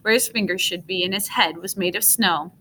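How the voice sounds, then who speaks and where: A woman reading a children's chapter book aloud in a plain, unhurried way, with small restarts. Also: on the low side, sharp tone, slight background noise, rough recording. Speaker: storyteller.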